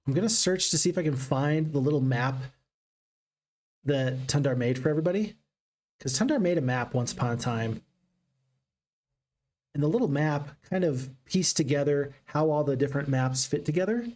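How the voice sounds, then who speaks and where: A man streaming a strategy game, chatting excitedly to his viewers. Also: a little high, moderate pace, pauses often. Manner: excitable, chatty, talks to chat. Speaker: gaming streamer. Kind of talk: live game commentary.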